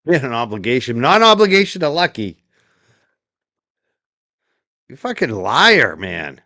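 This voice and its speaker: A man's voice: medium pitch, sing-song, unhurried, bright, forceful tone, no echo. A man commentating on clips with a profane, mocking and sarcastic tone. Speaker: live-stream commentator.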